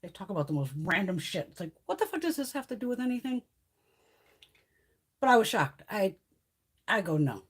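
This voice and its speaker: A woman's voice: mid-range voice, big pitch swings, a little fast, long pauses, breathy edge. A woman hosting a casual livestream chat, ranting heatedly and swearing freely. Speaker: beauty vlogger hosting a livestream.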